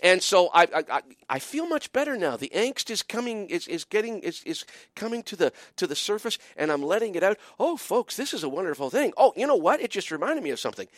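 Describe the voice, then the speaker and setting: A man's voice: sits high, big pitch swings, a little fast, hardly any pauses, a bit bright, no room sound, studio quality. A man hosting a call-in radio show, telling a long rambling story full of "okay?" and "you know" asides. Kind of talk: animated storytelling monologue.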